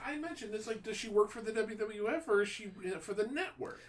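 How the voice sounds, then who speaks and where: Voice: medium pitch, fast talker, slight background noise. A podcast co-host making wry, skeptical remarks in a casual movie recap chat.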